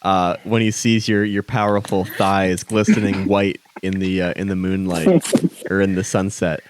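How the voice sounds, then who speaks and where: A man narrating a tabletop game as game master, halting with many ums and restarts. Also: low-pitched, flat delivery.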